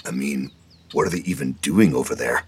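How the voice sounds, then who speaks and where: A man voicing a gruff adult male chaperone who speaks in a low rumble. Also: brisk, full character voice. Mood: uneasy. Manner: rumbling, hesitant.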